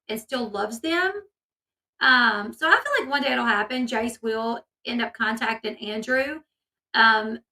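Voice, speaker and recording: A woman's voice: on the high side, bright, forceful tone, recorded from a distance, rough recording. A woman hosting a casual commentary video, chatty and opinionated with many fillers. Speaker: commentary channel host.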